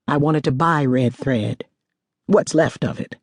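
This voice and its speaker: A woman voicing a blunt, determined male whiskey collector in an audiobook reading, lowering her voice for him. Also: measured pace, no room sound, studio quality. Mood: wary. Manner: blunt, exasperated.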